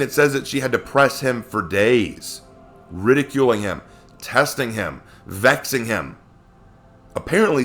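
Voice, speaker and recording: A man's voice: medium pitch, a bit bright. A man giving a casual Bible lesson, talking conversationally and asking many rhetorical questions. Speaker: Bible teacher.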